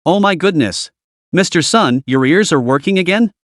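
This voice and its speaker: A man's voice: fairly high pitch, normal speed, dry recording, studio quality, natural voice. A man reading a cocky mocking young man. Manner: mocking, deadpan teasing.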